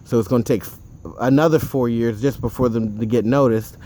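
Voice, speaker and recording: A man's voice: mid-range voice, fairly even intonation, brisk, warm tone, slight background noise. A man telling a personal story in a casual monologue, rambling and digressive, with frequent asides and the odd curse. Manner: offhand, with occasional swearing.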